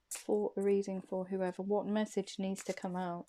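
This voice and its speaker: A woman's voice: medium pitch, level tone, moderate pace, mellow, slight background noise. A woman giving an intuitive tarot card reading to camera. She talks in a soothing, reassuring way and often repeats her phrases and questions.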